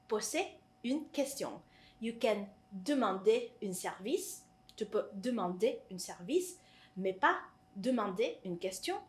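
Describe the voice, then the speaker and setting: A woman with a Filipino accent teaching a French grammar lesson, patiently repeating each French phrase and translating it. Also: mid-range voice. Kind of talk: online language lesson.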